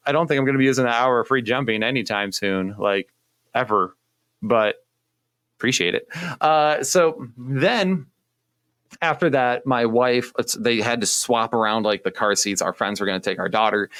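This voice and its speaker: A young man, a youth pastor, casually telling a personal story with animated, self-deprecating humor and acted-out quotes. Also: medium pitch, moderate pace, smooth, no room sound. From Indiana, US. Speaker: youth pastor, podcast co-host.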